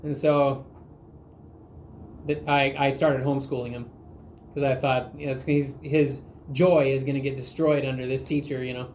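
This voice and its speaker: A woman's voice: rumbling low, level tone, moderate pace, a little mellow, slight background noise. Woman interviewer telling a story. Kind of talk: conversational storytelling.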